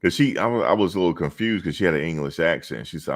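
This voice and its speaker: Low, creaky, and quick-paced, this man's voice has lively intonation. He streams reactions, chatting casually, telling rambling, loose stories, and addressing his chat viewers directly.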